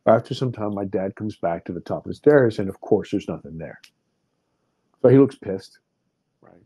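Male guest in his fifties, husky mellow voice, dry close sound, animated storyteller. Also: lowish voice, normal speed, dry recording. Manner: vivid, animated retelling with many restarts. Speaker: podcast guest. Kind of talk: personal storytelling in an interview.

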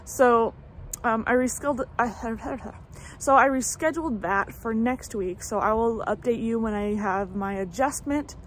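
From her home in summer, with traffic passing outside, an American vlogger in her thirties chats through a casual update full of fillers and restarts. She speaks a little slowly in a higher-than-average voice, with a little hiss or hum in the audio.

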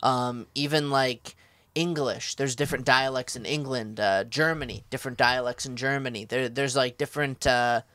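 A man's voice: medium pitch, fairly even intonation, normal speed, few pauses, sharp tone, smooth, dry recording. A man co-hosting a casual podcast chat, asking playful questions with frequent restarts. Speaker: podcast co-host.

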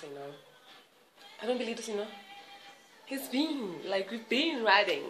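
Excitable young woman vlogging over music. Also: a little high, moderate pace, long pauses. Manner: excitable, rambling, giggly. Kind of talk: casual vlog chat.

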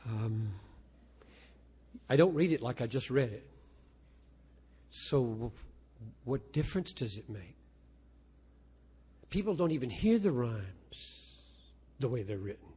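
An older man speaks as a pastor in a lecture, candid and self-deprecating, stumbling over restarts as he explains his craft. His voice is a little husky, and a long hall reverb trails behind each phrase. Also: mid-range voice, animated, takes it slowly, pauses often, warm tone. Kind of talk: lecture talk with poetry reading.

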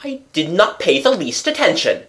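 A reader voicing an agitated young nobleman in love, answering in high-strung, urgent bursts. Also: big pitch swings, normal speed, a bit bright. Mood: strained.

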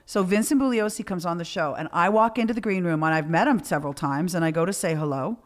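Lower-pitched woman telling a profane story. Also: quick pace. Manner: profane, animated storytelling with quoted dialogue. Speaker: podcast host. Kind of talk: casual storytelling chat.

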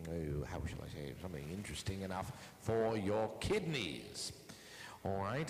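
Slow, low-voiced rambling man host. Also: darkish tone, a little hiss or hum. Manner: rambling and hesitant, full of fillers and restarts. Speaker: show host. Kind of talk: casual monologue to listeners. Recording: roomy with long reverb, faint synth music behind.

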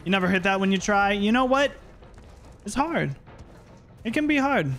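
A man livestreaming a game, chatting playfully and yelling at what happens on screen. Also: high voice, normal speed, a little hiss or hum. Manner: animated, playful, yells at the game. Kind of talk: live gameplay commentary.

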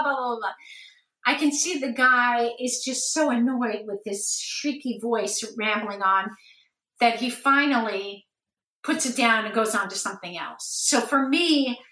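A woman being interviewed, telling a lively story and acting out the voices of people she quotes. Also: a little high. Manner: animated, acts out quoted voices. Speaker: guest. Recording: roomy and distant from the mic.

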